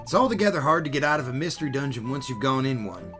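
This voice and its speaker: Man putting on a Southern-accented creature guide, folksy drawl, bright voice, lively delivery. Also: medium pitch, quick pace, soft background music. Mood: folksy advice. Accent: American Southern. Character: southern male Nuzleaf, folksy, helpful guide. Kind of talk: game dialogue read aloud.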